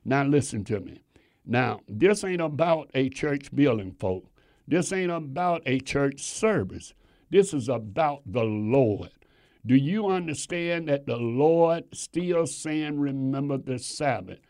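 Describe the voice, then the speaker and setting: A man's voice: medium pitch, expressive, slow, darkish tone. A man preaching a sermon to his congregation, emphatic and repeating phrases for stress.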